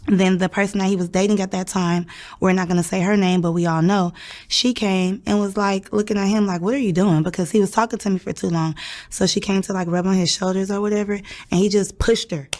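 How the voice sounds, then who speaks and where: Young woman, mid pitch, casual storytelling, chatty, acts out quotes. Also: steady tone, brisk, darkish tone. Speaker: interview guest telling a story.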